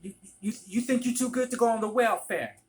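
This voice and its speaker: Man putting on a harsh scolding mother, high shrill voice, loud and mocking, contemptuous. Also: brisk, soft background music. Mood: scornful.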